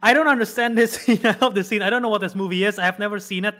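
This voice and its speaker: Young male podcast co-host, high and bright, rambling casual retelling. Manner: rambling, retells scenes with quick acted-out quotes. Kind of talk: casual chat.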